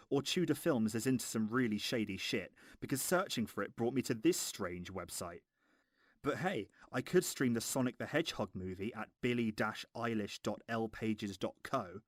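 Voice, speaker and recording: A man's voice: mid-range voice, dry recording, clean studio sound. A man with a posh Home Counties English accent, narrating a sarcastic, sweary film review.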